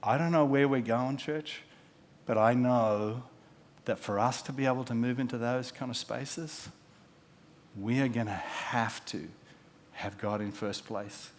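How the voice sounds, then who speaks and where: A man, a pastor preaching a sermon, telling stories and acting out the quotes, dropping from loud to hushed. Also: medium pitch, a little slow. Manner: storytelling with acted-out quotes, swinging from loud to hushed.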